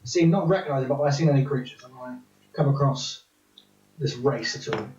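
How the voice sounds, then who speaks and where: A man roleplaying a gnome in a tabletop game, talking in an animated, playful way. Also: mid-range voice, a little fast. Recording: echoey room, lo-fi, faint noise.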